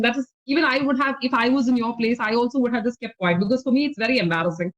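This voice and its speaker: A high-pitched woman with an Indian English accent, teaching a spoken English lesson over a video call. She explains slowly and patiently, checking in with "okay?" as she goes. The audio is slightly dull and lo-fi. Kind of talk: online English conversation lesson.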